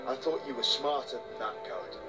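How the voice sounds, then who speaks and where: A man's voice: medium pitch, animated, a little fast, over loud music, close to an everyday voice. A man voicing a stern young commander. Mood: reproachful. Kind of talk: video game voice acting.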